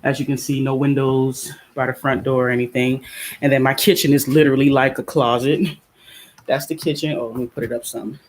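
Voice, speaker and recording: A woman's voice: very deep voice, a little fast, slight background noise. A middle-aged woman, venting bluntly in a casual vlog and touring her small apartment on a phone camera. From United States. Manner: venting, blunt, animated, laughs often. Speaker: vlogger. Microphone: phone camera held by speaker.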